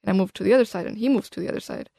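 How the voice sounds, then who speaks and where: A woman telling a story in a casual podcast chat, rushing on with lots of "like" and restarts. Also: mid-range voice, gravelly, no echo, clean studio sound. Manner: rapid, animated, full of "like" and restarts. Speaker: podcast guest.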